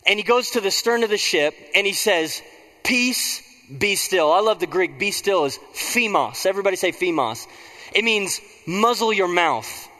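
A man's voice: high voice, animated, normal speed, bright, forceful tone, big-room sound. A man preaching a conversational sermon as pastor, prompting the congregation to respond.

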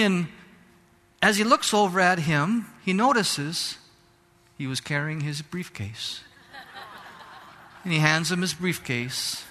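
A man pastor delivers a fervent sermon, climbing to shouts and dropping into Spanish phrases now and then. His voice sits high and bright. It rings out with a long hall reverb behind it. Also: a little slow, long pauses. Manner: fervent preaching, rising to shouts.

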